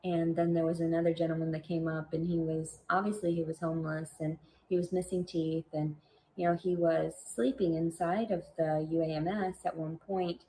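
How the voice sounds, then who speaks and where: A woman's voice: low-pitched, little pitch movement, moderate pace, dark tone, a little hiss or hum, rough recording. A woman telling a long personal story in a casual vlog, earnest and religious, rambling off track with many fillers and restarts. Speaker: vlogger.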